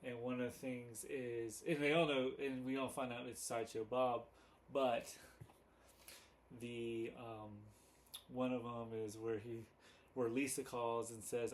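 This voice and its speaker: Slow, halting male commentator. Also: mid-range voice, flat delivery. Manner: halting, hesitant, many fillers and restarts. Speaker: video commentator. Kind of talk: casual retrospective commentary.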